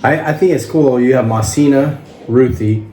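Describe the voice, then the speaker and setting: A man's voice: medium pitch, moderate pace, warm tone. A middle-aged man chatting casually as a podcast host, laughing easily as he tells family stories. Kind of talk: casual chat. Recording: echoey room, faint noise.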